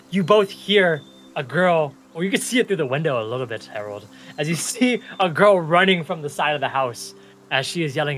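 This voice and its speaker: Young man, game master, animated swooping voice, slightly high, chatty narration with chuckles. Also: slight background noise.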